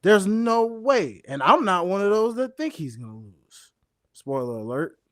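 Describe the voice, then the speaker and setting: A man co-hosting a casual wrestling podcast, speaking emphatically with drawn-out stresses. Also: high-pitched, big pitch swings, dry recording, studio quality. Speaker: podcast co-host.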